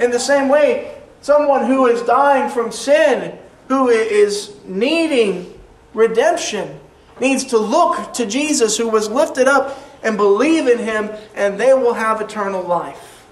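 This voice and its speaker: A male preacher delivers a sermon with earnest emphasis, slowing down to lean on his key lines. He is caught from a distance in an echoing church sanctuary. A faint room hum sits under his voice. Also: high-pitched. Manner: earnest, slows down to stress key phrases, repeats words as he restarts. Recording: roomy echo, mic at a distance, faint room noise.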